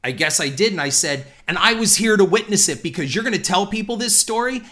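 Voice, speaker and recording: A man telling a personal anecdote in an animated, conversational way, speaking to his listeners as folks. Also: high voice, brisk. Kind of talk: storytelling anecdote.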